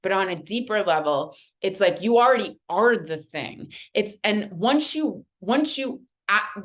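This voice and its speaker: A woman, a guest artist, telling a lively story while reading oracle cards, with a casual, conversational manner and frequent fillers. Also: mid-range voice. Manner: animated, conversational, many fillers.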